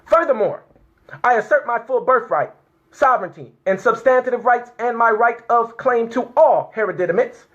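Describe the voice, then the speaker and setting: A man's voice: extremely high pitch, lively intonation, moderate pace, fairly bright tone, dull audio. A man, fervently reading a declaration to viewers, tearful and crying out in emotional exclamations. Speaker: speaker reading a legal declaration.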